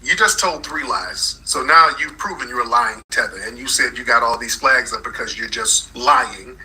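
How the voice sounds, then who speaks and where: A man's voice: mid-range voice, moderate pace, sharp tone, rough recording. A man hosting a live call-in talk room, combative and repeating his points insistently.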